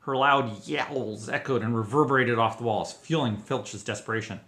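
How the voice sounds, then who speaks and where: A man reading a fanfiction story aloud as an expressive storyteller. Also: medium pitch, moderate pace, few pauses. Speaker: fanfiction reader. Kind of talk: audiobook narration.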